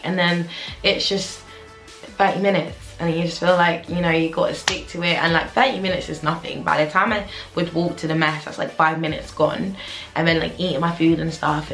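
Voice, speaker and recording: A woman's voice: low voice, vocal fry, fairly bright tone. A young woman, a junior doctor chatting candidly to camera in a casual vlog, with lots of "like". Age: 20s. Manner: candid, chatty, heavy use of "like". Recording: roomy echo with faint music.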